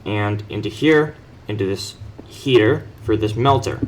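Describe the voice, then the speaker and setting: Touring his game base in relaxed walkthrough commentary, a young player rambles, corrects himself, and slips in dry, offhand humor. He speaks in a lowish voice at a measured pace over slight background noise.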